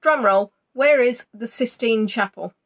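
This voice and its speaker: Her voice is unhurried and a little bright as she hosts a live online quiz. She keeps up a teasing, chatty patter with the players, reading their names and answers with big pitch swings.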